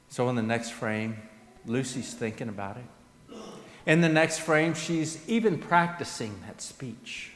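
A pastor giving a sermon in a church, earnest, pushing his questions up and letting his statements fall soft. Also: medium pitch, lively intonation, unhurried, slight background noise. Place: church sanctuary. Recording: echoey church hall with long reverb.

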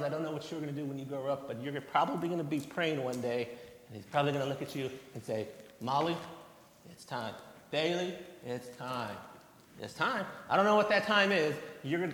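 A young man giving a children's sermon in a church, telling a plain, gentle story to the kids. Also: fairly high pitch. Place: church sanctuary. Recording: echoey church hall, faint hum.

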